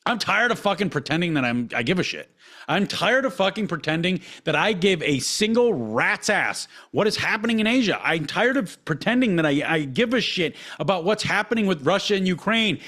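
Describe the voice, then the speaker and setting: A man hosting a podcast speaks in a high voice with a fairly bright tone. Reading items from a list, he adds sarcastic, blunt remarks laced with frequent swearing.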